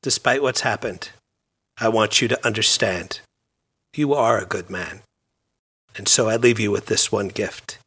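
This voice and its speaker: A man's voice: mid-range voice, takes it slowly, pauses often, sharp tone, breathy edge, full character voice. A man voicing a proud, stern young society lady with a commanding, haughty manner. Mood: solemn.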